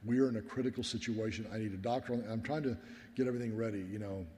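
Brief: middle-aged man, pastor preaching, earnest and personal, lowish voice, long reverb of a hall. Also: rapid-fire, warm tone, a little hiss or hum. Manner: earnest, personal, often addresses listeners as guys. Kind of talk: sermon storytelling.

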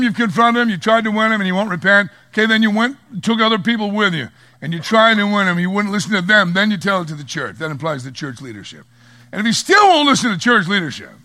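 A man preaching a sermon in an animated way, swinging from loud emphasis to low quiet asides and acting out quoted voices. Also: dry recording, studio quality.

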